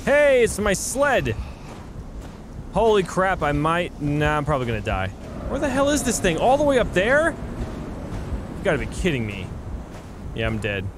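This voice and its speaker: A man commentating his own gameplay, excitable and loud when surprised, muttering sarcastically when things go wrong. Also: sits high, normal speed, pauses often, background noise. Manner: excitable, swings to loud exclamations. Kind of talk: let's play commentary. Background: game music.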